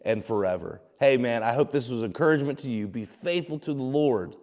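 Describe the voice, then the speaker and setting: A man's voice: mid-range voice, a little fast, darkish tone. A man hosting a short devotional, telling a personal story in an earnest, folksy way. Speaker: devotional host. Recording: long hall reverb.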